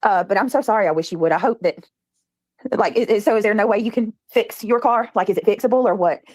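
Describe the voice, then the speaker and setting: A woman's voice: mid-range voice, quick pace, a little mellow, no room sound. Lady in her 30s chatting on a livestream, dry close mic, chatty. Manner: chatty, reads viewer comments aloud. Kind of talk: casual livestream chat.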